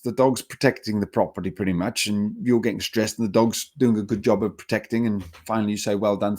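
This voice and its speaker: A man giving a dog-training seminar, speaking emphatically and acting out little scenes as he teaches. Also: lowish voice. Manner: lively, emphatic, acts out scenes. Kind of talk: seminar talk.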